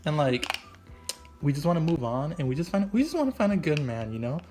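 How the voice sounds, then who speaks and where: A man's voice: fairly high pitch, very animated, a little fast, darkish tone, soft background music. Rambling goofy man in a comic voice-over. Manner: rambling and goofy, full of "like" and "right?". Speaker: vlogger doing a comic makeup voice-over. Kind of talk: improvised comedic voice-over. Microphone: voice-over mic.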